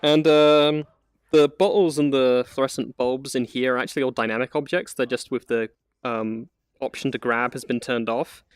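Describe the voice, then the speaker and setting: A man's voice: medium pitch, fairly even intonation, moderate pace, clear, resonant tone, dry recording, studio quality. A man giving a casual, chatty live-stream tour of a virtual apartment he built, with lots of fillers and frequent laughs. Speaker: community manager giving a VR tour.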